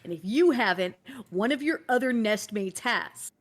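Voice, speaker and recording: A woman playing a character in a tabletop game, speaking earnestly and pausing on fillers as she works things out. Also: fairly high pitch, lively intonation. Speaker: player. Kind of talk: in-character tabletop role-play.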